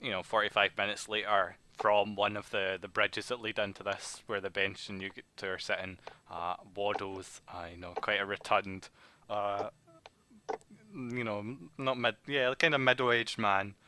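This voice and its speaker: A man's voice: on the low side, little pitch movement, normal speed, bright, forceful tone, a little hiss or hum. A young man running a tabletop game over voice chat, narrating hesitantly with many restarts. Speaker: dungeon master.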